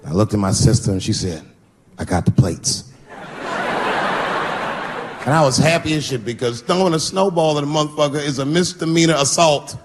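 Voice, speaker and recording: A man doing stand-up, telling a long story and acting out the people in it, with a profane, animated delivery. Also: a little high, quick pace, few pauses. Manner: animated, acts out characters, profane. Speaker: stand-up comedian. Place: comedy venue with live audience. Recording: live show recording with audience noise.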